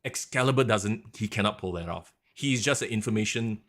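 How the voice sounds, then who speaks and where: A man's voice: on the low side, brisk, a bit bright. A man, co-hosting a casual wrestling podcast, ranting animatedly and mimicking announcers. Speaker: podcast co-host.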